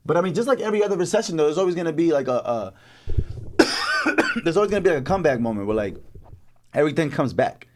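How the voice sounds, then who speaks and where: Fast-talking young man, animated. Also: a little high, slight background noise. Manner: fast, animated, profane storytelling with frequent laughs. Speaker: podcast co-host. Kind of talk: casual chat.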